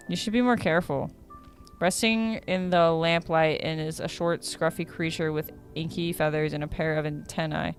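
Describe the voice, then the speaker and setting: Woman streamer reading game text aloud. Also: sits low. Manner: reads in a casual tone, stumbles and corrects herself. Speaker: streamer playing a dating sim.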